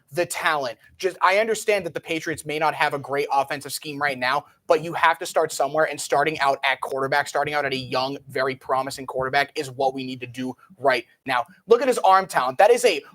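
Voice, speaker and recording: A man's voice: fairly high pitch, a bit bright. A young man on a sports panel talking football, eager and repeating himself as he gets fired up. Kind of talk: casual sports chat.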